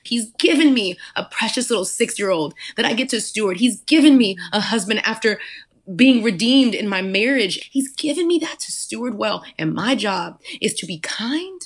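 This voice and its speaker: A woman's voice: fairly high pitch, lively intonation, normal speed, slightly rough. A woman guest on a podcast, talking about faith and praying aloud with feeling, emphatic and full of restarts. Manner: emotional, emphatic, with repeated restarts. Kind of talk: heartfelt faith talk and spoken prayer. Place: podcast interview.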